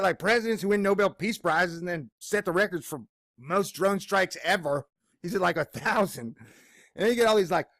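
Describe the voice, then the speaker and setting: High-voiced man ranting angrily. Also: fairly bright tone, dry recording, studio quality. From United States. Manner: profane, sarcastic, mocking voices. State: in pain, bad mood. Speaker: video blogger. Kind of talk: angry editorial rant.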